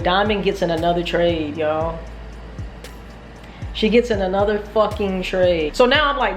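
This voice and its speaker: A woman's voice: medium pitch, animated, measured pace. Woman, casual vlog, profane, self-mocking, echoey room, faint music behind. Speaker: trading vlogger.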